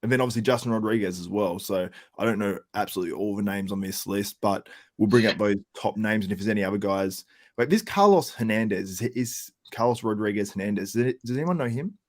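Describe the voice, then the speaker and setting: Guy with a lowish voice hosting a loose chat, lots of ums, easygoing. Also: fast talker, no echo. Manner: laid-back, lots of ums, laughs often. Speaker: podcast host. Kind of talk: casual panel chat.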